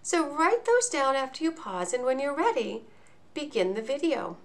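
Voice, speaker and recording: A woman teaching a lesson in a video, explaining each point slowly and enunciating clearly. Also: high-pitched, sing-song. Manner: slow, deliberate, clearly enunciated.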